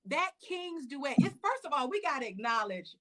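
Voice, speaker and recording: A woman hosting a casual video-call chat, telling stories in an excited, animated way. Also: high-pitched, normal speed. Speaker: host.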